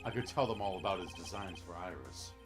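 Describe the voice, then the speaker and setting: A man's voice: sits low, expressive, fast. A man co-hosting a game playthrough, reading the dialogue aloud in a dramatic voice and breaking off into goofy asides. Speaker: let's-play co-host. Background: game music.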